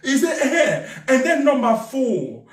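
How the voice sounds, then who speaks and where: A man's voice: very high voice, wildly swooping pitch, unhurried. A man with a Liberian English accent telling a mocking political story, laughing often as he goes. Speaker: political commentator. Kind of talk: storytelling commentary. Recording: echoey room, far from mic.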